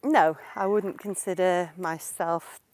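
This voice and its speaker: Woman in her thirties, teacher walking outdoors, unhurried delivery, smooth clear tone. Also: lowish voice, fairly even intonation, a little mellow, no room sound. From England. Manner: slow, clear and explanatory, answering viewer questions. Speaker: English teacher. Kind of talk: casual live-stream lesson while walking. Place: outdoors in the countryside. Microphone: portable mic while walking.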